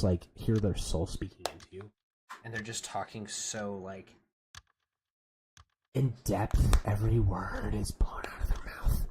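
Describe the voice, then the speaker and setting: A man's voice: fairly low pitch, noisy background. Chatty man rambling while gaming. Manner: rambling, chatty, laughs often. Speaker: streamer. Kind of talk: casual gaming chat.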